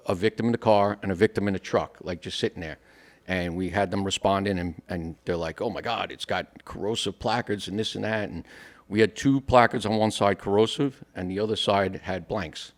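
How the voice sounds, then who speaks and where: A firefighter co-hosts a podcast in a relaxed, rambling style, his low voice acting out the dialogue of his stories as he goes. He fills the pauses with plenty of "you know" and keeps it conversational. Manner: tells stories with quoted dialogue, many "you know" fillers. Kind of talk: casual interview storytelling.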